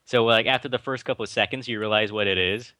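A man's voice: lowish voice, fairly even intonation, quick pace, sharp tone, no echo. A young man co-hosting a casual podcast, retelling movie trivia in a rambling way with lots of fillers. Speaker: podcast co-host. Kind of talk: casual chat.

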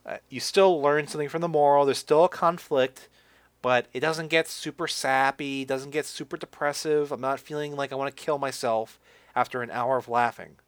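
A man's voice: medium pitch, steady tone, moderate pace, clean tone, no echo. A young man chatting casually about movies as a podcast co-host, rambling with lots of fillers and restarts.

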